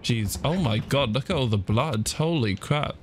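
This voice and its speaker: A young man commentating his own horror game playthrough, talking through every move and breaking into shrill panicked yelps when startled. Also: expressive, moderate pace, background noise. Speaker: gaming streamer. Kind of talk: let's play commentary. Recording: game sounds and clicks behind the voice.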